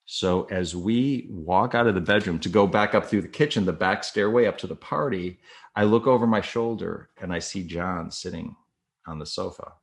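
A man's voice: low voice, normal speed, creaky. A middle-aged man candidly telling a personal story to a listener, acting out the people in it. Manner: animated, acts out voices of people in the story; candid and self-deprecating, with laughs. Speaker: storyteller guest. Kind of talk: personal anecdote told to a listener.

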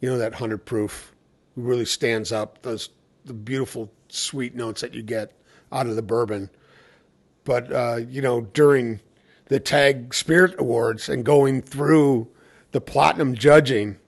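A man at a middle pitch speaks in a relaxed, conversational way. He is a cocktail educator who tells stories and acts out quoted exchanges between people. His speech comes across as easygoing. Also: unhurried, creaky. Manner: anecdotal storytelling, acting out quoted exchanges. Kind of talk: casual conversation.

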